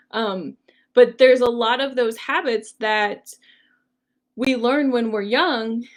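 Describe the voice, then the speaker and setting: A young adult woman coach teaching a workshop lesson in a casual, chatty storytelling way, full of "like" and "um". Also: on the high side. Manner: chatty, frequent "like" and "um". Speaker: personality coach leading a workshop.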